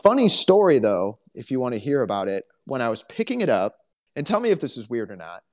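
A man's voice: medium pitch, very animated, brisk. A man co-hosting a casual podcast, telling stories in a chatty, dry, joking way. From Alabama, US. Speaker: podcast co-host. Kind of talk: casual chat.

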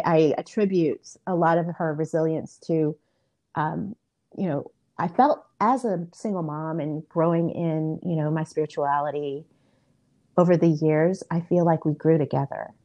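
A middle-aged woman with a low, mellow voice shares a story as a podcast guest. She talks in an earnest, easygoing way and uses plenty of fillers. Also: normal speed. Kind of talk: casual storytelling in an interview.

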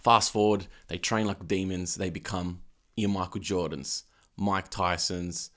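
A young man with a very deep, low voice talks loosely and casually as a podcast host. He drops swear words without fuss and laughs easily. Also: steady tone, a little slow, a bit bright. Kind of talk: casual chat.

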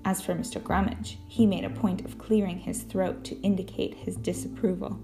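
Female audiobook narrator, first-person storytelling, slight fry, faint guitar. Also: on the low side, fairly even intonation, moderate pace. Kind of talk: scripted narration.

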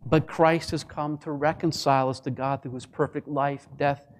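A man preaching a sermon as pastor, impassioned and building to fervent passages, with quick asides mimicking others. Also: on the high side, steady tone, slight background noise. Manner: impassioned, rising to a fervent climax.

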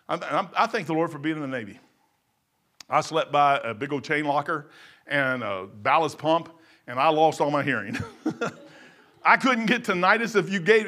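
Man, middle-aged, preacher, sermon, folksy and emphatic, bright, slightly high. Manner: folksy, emphatic, swings from loud to low.

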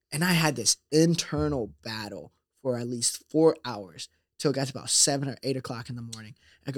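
A young man telling a personal story in a casual, animated way, acting out voices and laughing often. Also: mid-range voice, a little fast, no room sound, studio quality. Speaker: guest telling his story.

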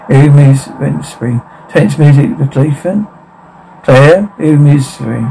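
A man reading a film's captions and dialogue aloud in a flat, halting way, with restarts. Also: on the high side, gravelly, a little hiss or hum, poor audio.

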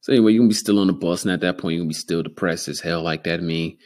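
A man hosting a solo podcast, rambling and cursing freely, sometimes getting excitable. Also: low voice, rapid-fire. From Denver, Colorado. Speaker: podcast host. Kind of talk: solo casual podcast monologue.

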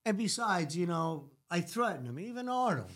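Animated New York Italian man. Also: high-pitched, moderate pace. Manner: animated, acts out quotes, swears freely. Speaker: celebrity hair stylist guest. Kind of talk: casual storytelling chat.

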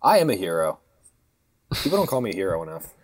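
A man's voice: low-pitched, sing-song, quick pace, breathy edge, no echo. A young man in casual chat, playfully pompous and cursing at his own slips while spinning a comic story.

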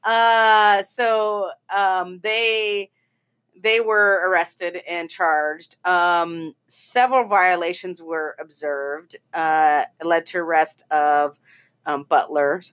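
A woman's voice: on the low side, fairly even intonation, slow pace, a bit bright. A woman co-hosting a casual talk show, chatting loosely, laughing and swearing freely. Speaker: podcast co-host. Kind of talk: casual chat.

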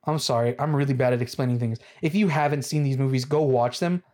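A casual movie review vlogger talks in a rambling way, full of restarts and fillers like "like" and "dude". The voice sits in a middle pitch range. Now and then it jumps up into excited, animated bursts. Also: quick pace.

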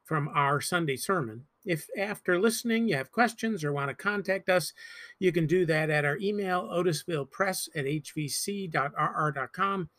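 A man with a fairly high voice delivers a church podcast sermon. He reads the scripture aloud in a steady way, then moves into relaxed, gently humorous reflection. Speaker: pastor.

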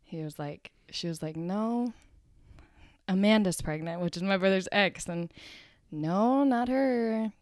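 A young woman chatting casually as a podcast guest, telling a family story with animated acted-out quotes. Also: lowish voice, a little slow, no room sound, studio quality. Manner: animated storyteller who acts out family members' lines. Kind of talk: casual chat.

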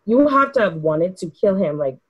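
A woman with a lowish voice argues her points on a podcast. She talks emphatically and opinionatedly. The delivery is casual, as if among friends. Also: animated, normal speed, highs cut off, over a noisy crowd. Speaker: podcast co-host.

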